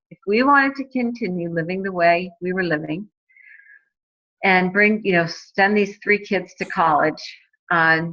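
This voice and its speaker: Chatty bright-voiced woman in her forties. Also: fairly low pitch. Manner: chatty, many fillers and restarts. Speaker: guest telling her story. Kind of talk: casual personal testimonial. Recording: dull lo-fi recording.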